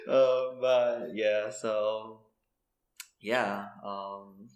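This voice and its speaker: A man's voice: on the low side, fairly even intonation, drawn-out words, a crowd in the background. A young man in his twenties co-hosting a podcast, chatting casually with lots of fillers, restarts and easy laughter. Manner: rambling, filler-heavy, laughs easily. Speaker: podcast co-host. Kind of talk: casual chat. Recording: echoey room.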